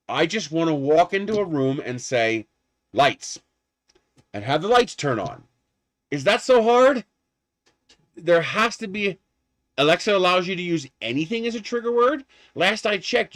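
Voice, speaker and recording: A man hosting a casual livestream, rambling and animated, laughing at his own jokes. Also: fairly high pitch, dry recording, studio quality. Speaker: livestream host.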